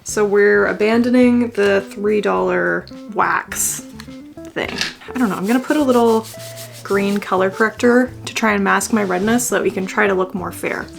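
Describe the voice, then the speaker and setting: This twenty-something beauty vlogger talks at a moderate pace with some vocal fry, her mid-range voice set against faint music. She chats her way through a makeup attempt, self-deprecating and freely profane, now and then letting out exaggerated, mock-dramatic wails.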